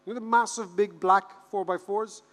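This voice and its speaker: An Irish man in his fifties giving a humorous conference keynote, animated and joking, repeating words for rhythm. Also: sits high, moderate pace. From Ireland. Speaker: keynote speaker. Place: large conference hall. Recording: reverberant conference hall.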